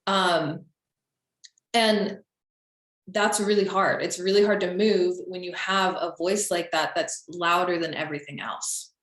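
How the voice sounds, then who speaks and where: A woman's voice: fairly low pitch, steady tone, unhurried, fairly bright tone. A young woman coaching listeners on confidence in a casual, chatty way, full of "um" and "like.". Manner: chatty, lots of fillers like "um" and "like". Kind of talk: casual spoken teaching. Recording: echoey room.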